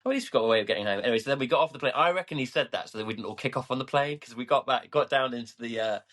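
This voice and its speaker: A man's voice: mid-range voice, racing, fairly bright tone. A man co-hosting a podcast, telling stories in a rambling, hesitant way full of fillers and restarts. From family from Scotland. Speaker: podcast co-host. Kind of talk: casual chat.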